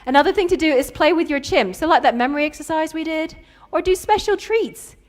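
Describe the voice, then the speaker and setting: A woman's voice: high voice, expressive, brisk. A woman, telling playful stories in a conference keynote. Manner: playful storytelling with acted-out quotes. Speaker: keynote speaker.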